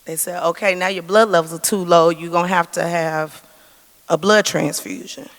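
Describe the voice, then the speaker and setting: A woman's voice: lowish voice, fairly even intonation, normal speed, creaky. A woman gives an earnest church testimony, acting out the dialogue she quotes. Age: 40s. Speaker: cancer survivor giving testimony. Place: church sanctuary. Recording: long reverb of a church hall.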